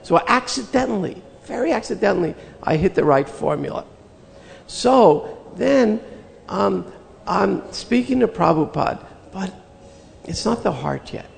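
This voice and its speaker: An older man telling a personal spiritual story in an earnest, reflective way, with slow pauses. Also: high voice, lively intonation, creaky, long reverb tail. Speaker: spiritual teacher recounting memories.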